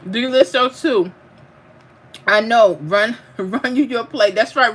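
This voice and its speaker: A woman's voice: on the high side, measured pace, fairly bright tone, husky. A middle-aged woman, chatting casually while she eats on a home livestream and reads out viewer comments, laughing and calling people "honey". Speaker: livestream host.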